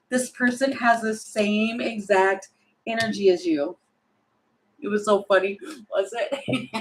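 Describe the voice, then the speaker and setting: A woman's voice: on the high side, slight background noise, poor audio. A woman doing a casual, spontaneous tarot reading, thinking aloud, rambling and giggling as she goes. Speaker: tarot reader.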